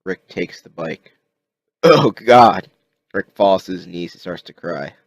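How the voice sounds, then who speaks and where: A man narrating an improvised story in a halting way, with many restarts. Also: low voice, fairly even intonation, creaky. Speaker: amateur narrator.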